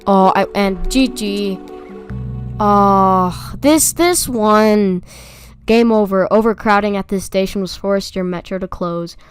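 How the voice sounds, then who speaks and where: A woman's voice: mid-range voice, measured pace. Young girl yapping over her game, gets super worked up, faint music under it. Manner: excitable, chatty, repeats words when stressed. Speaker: YouTuber. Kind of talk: casual gameplay commentary.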